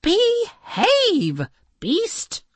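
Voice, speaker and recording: A prim young princess with a secret hero side speaks in a high, lively voice, as a woman reader takes her on. When facing danger she turns firm and commanding, in children's storybook fashion. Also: slow, breathy edge, no echo, exaggerated voice.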